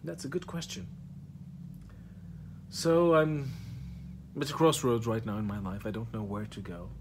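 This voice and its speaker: A man's voice: on the low side, lively intonation, fast, darkish tone, a little hiss or hum. A man who does stand-up, telling a rambling, profane, absurd story straight to camera. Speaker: comedian vlogger. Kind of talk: rambling comic monologue to camera.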